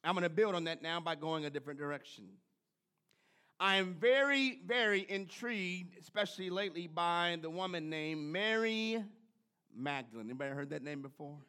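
A man's voice: a little high, lively intonation, normal speed, pushed and bright, clean tone. A man preaching a sermon in a church, calling out to the congregation and building in fervor. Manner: preacherly, call-and-response with the congregation. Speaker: pastor. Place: church sanctuary.

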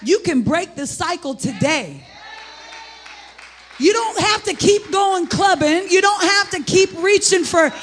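A preacher delivering a sermon with impassioned, shouted exhortations. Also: very high voice, expressive, a little slow, faint music behind.

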